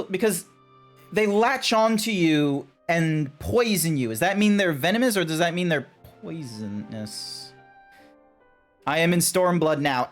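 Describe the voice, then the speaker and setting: Lively man streaming. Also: a little high. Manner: animated, chatty, talks to chat, frequent laughs and restarts. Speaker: game streamer. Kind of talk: casual livestream chat.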